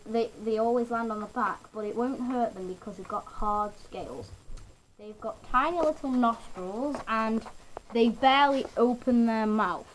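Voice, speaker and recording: A woman vlogger at home casually showing and explaining her pet toad in a halting, rambling way with many restarts. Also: a little high, a little hiss or hum, rough recording. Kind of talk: casual show-and-tell.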